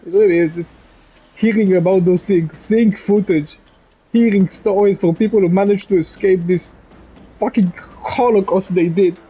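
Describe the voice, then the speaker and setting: Tearful, husky young man, voice breaking. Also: sits high, fairly even intonation, mellow. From Israel. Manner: halting, repeats words, swears, voice breaking. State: crying, choked up. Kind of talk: emotional direct-to-camera monologue. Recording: dull lo-fi recording.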